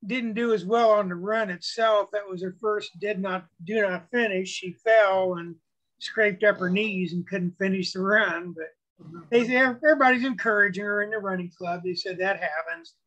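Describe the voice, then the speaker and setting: A man's voice: sits high, fairly bright tone, poor audio. A middle-aged man chatting casually on a video call before he presents to his club. He tells stories in a rambling way, with many restarts.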